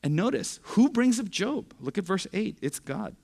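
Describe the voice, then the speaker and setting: A man's voice: high voice, big pitch swings, normal speed, vocal fry, a little mellow, breathy edge. A young man preaching a youth sermon in a conversational way, with frequent "right?" check-ins and sarcastic asides. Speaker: youth pastor.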